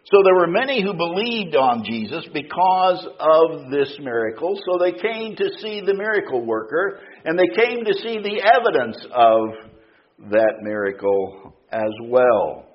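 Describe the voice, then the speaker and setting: A man preaching an expository sermon, reading scripture slowly and stressing key words. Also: a little high, expressive, dull audio. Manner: slow, deliberate, emphatic scripture reading.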